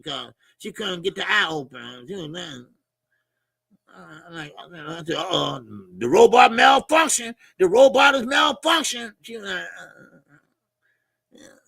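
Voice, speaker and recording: A man hosting a boxing commentary stream, ranting in a loud, animated, profane way with frequent shouting and asides. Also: a little high, moderate pace, gravelly, long pauses, breathy edge, no room sound, clean studio sound. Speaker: boxing commentary channel host.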